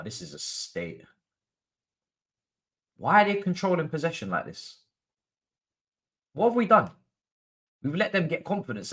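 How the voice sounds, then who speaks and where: A young man hosting a live football watchalong, reacting to the match as an excitable, frustrated fan who rants and swears. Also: high voice.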